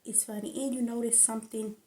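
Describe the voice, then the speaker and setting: A woman's voice: a little high, little pitch movement, fast talker, warm tone. A woman in casual chat about stand-up comedy, rambling off on tangents with frequent laughter. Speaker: vlogger.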